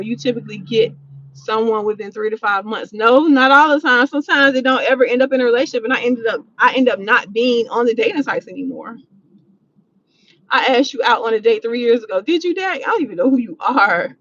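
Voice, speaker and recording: A woman hosting a casual livestream from her car, answering chat in a blunt, animated, slangy way and swearing freely. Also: fairly high pitch, a little fast, dull audio. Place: in a vehicle, driving.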